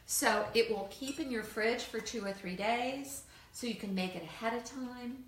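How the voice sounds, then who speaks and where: A woman's voice: a little high, moderate pace, a little hiss or hum. A woman chatting casually while demonstrating a recipe, laughing easily and sometimes talking with her mouth full. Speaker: cooking guest. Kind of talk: casual cooking demo chat. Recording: echoey room, mic at a distance.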